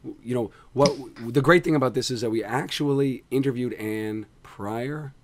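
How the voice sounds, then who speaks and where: A hoarse man hosting a tech show, bantering in an animated, self-deprecating way. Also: mid-range voice, normal speed. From Canada. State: hoarse from screaming. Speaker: podcast host.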